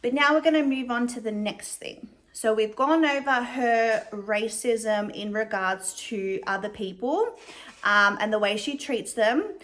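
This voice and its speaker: A young adult woman giving casual commentary as a vlogger, chatty and measured, with frequent fillers. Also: a little high, fairly bright tone, slight background noise.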